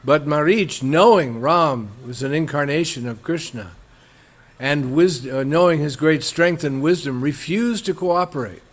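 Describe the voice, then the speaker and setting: A man giving a storytelling religious lecture, halting with fillers and acting out characters. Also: a little high.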